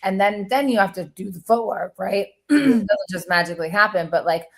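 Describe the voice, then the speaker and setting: A woman's voice: medium pitch, moderate pace, gravelly. Chatty, enthusiastic woman hosting a webinar. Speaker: webinar host. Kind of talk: casual webinar conversation.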